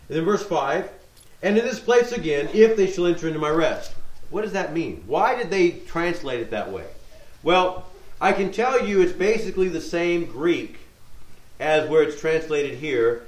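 A man preaching a sermon, teaching verse by verse, reading scripture aloud and checking in with his listeners. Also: a little high. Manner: teaching tone, reads scripture aloud, asks rhetorical questions, checks in with "okay?". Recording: echoey room.

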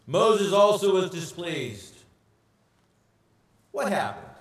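A pastor preaching a sermon, animated and asking the congregation rhetorical questions. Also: male voice, high-pitched, takes it slowly, reverberant, far from the mic.

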